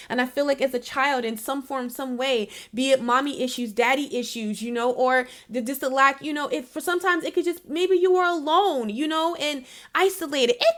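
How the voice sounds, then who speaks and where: A woman's voice: high voice, fairly bright tone. A woman giving a casual spiritual reading to her viewers. She is chatty and emphatic, laughs often, and speaks straight to the listener to encourage them. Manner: encouraging, addresses the listener directly. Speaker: intuitive reader.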